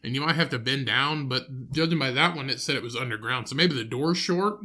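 A man's voice: medium pitch, brisk, bright, forceful tone. A man co-hosting a podcast in loose, profane casual chat. He laughs often and trails off mid-thought. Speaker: podcast co-host.

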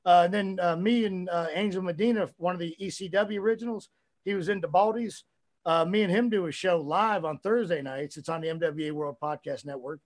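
A man with a high voice rambles through a casual podcast chat. He swears freely, telling stories loosely and with energy. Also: a little fast. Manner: profane, rambling, animated storytelling. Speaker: podcast guest, wrestler.

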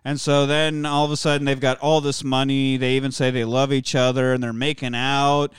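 A man hosting a podcast, recapping a movie in animated, profane casual chat. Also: mid-range voice, fairly quick, smooth, no echo, studio quality. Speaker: podcast host.

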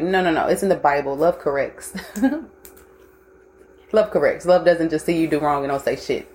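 A woman's voice: deep voice, moderate pace, a little mellow, a little hiss or hum. A young woman hosting a casual livestream, blunt and profane, mixing life lessons with frequent laughter. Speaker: host.

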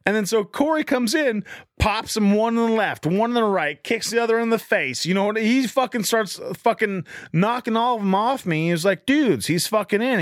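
A man's voice: high-pitched, no echo, studio quality. A man telling a rambling, boastful story in casual chat, swearing constantly.

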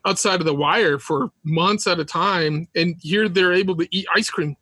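A man telling war stories as a podcast guest, animated, laughing often and acting out quotes. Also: sits high, normal speed, breathy edge, no room sound. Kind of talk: casual storytelling.

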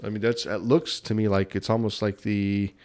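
Lower-voiced man rambling excitedly. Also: normal speed. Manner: rambling, restarts often, enthusiastic about details. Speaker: podcast co-host. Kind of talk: casual chat.

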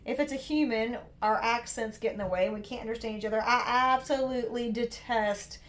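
A talkative middle-aged woman with a Southern accent, pitched a little high and chatting casually as a co-host. She tells her stories in a lively, animated way and laughs easily. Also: a little fast. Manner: chatty, animated storyteller who laughs often. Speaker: podcast co-host. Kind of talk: casual chat.

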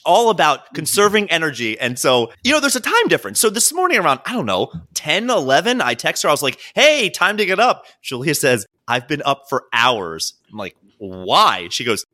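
A young man co-hosting a podcast, telling animated stories in casual chat and acting out the quotes. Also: mid-range voice, normal speed, few pauses. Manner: animated storyteller, acts out quotes. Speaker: podcast co-host.

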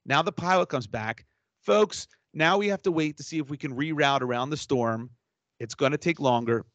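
A man co-hosting a podcast, telling a story in an animated, exasperated rant with some swearing. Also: a little high, normal speed, no room sound, dull audio. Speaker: podcast co-host. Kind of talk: casual storytelling chat.

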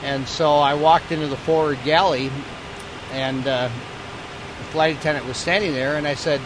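Man, airline captain, slightly high voice, relaxed wry story, traffic noise. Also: normal speed. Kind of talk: casual anecdote.

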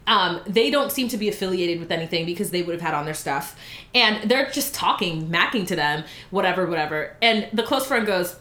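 A woman telling a story in casual chat, animated and giggly, acting out the dialogue. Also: fairly low pitch, fairly quick, roomy sound.

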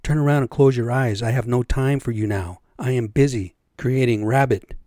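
Stern male creator spirit in a storybook, commanding and clipped, mellow low tone, as a man puts him on. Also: moderate pace, no room sound, studio quality, close to an everyday voice.

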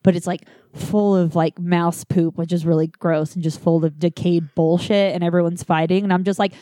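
A woman telling a dark personal story in casual chat, blunt and profane, with laughs between lines. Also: on the low side, little pitch movement, normal speed, dry recording, studio quality.

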